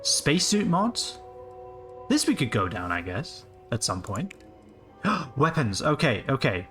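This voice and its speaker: A man's voice: medium pitch, very animated, a little slow, fairly bright tone, faint music behind. A man in his late twenties giving rambling, casual live commentary on a game he is streaming, swearing freely as he goes. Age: late 20s.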